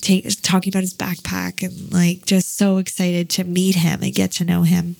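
A woman's voice: lowish voice, monotone, normal speed, creaky, darkish tone. A woman in her thirties chatting casually, a parent telling a long personal story with many fillers. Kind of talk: casual chat.

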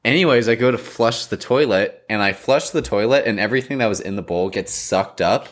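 Deep-voiced young man telling a story. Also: a little fast. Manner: animated, rambling with many fillers. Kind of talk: casual chat, telling an embarrassing story.

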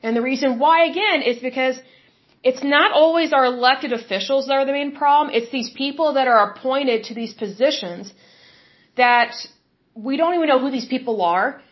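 A woman with a high, bright-pitched voice talks through her views as a podcast host, emphatic and repetitive, with a touch of hiccups. The recording sounds a little dull and lo-fi. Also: normal speed. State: has hiccups. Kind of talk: opinionated solo commentary.

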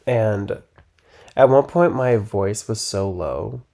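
A man's voice: lowish voice, slow, creaky, mellow. A young man co-hosting a casual podcast, talking into a laptop mic with camp, giggly banter. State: recovering from a recent cold. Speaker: podcast co-host. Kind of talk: casual chat. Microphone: laptop built-in mic.

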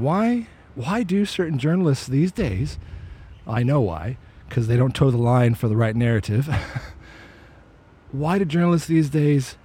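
A man's voice: mid-range voice, dark tone, husky. A man giving an emphatic, opinionated commentary monologue, with sarcastic asides. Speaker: vlogger.

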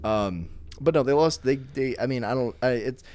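A man's voice: medium pitch, normal speed, darkish tone. A young man co-hosting a podcast in casual chat, rambling with many restarts and fillers. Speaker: podcast co-host.

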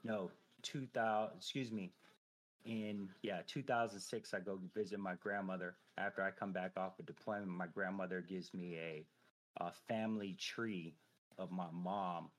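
In casual conversation, a man in his thirties who's a frequent podcast guest shares a personal story, animated, profane, and full of fillers. His voice sits low and he speaks at a normal speed.

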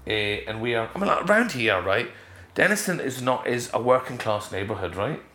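A middle-aged Scottish man, a guest in a casual interview, telling stories with lively jumps in pitch. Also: brisk, echoey room. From Scotland. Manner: animated storyteller, leaps up in pitch for emphasis.

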